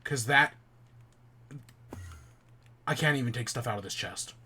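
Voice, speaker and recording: While gaming on his podcast, a man grumbles, curses and mutters irritably in casual chat. He speaks unhurriedly at medium pitch with a sharp tone, and a little hiss or hum sits in the recording.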